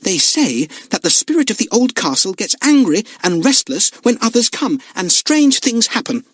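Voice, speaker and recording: A man voicing a harsh, loud, superstitious woman in an audiobook, full of ominous warnings. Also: high voice, sing-song, normal speed, husky, dry recording, clean studio sound, voice pushed up, full character voice. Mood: frightened. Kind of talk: audiobook character voice.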